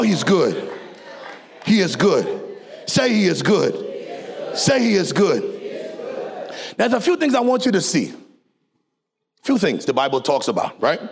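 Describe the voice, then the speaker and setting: A man preaching a sermon to a congregation, leading call and response and swinging from low talk to shouted, sung peaks. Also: breathy edge. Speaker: pastor. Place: church before a congregation.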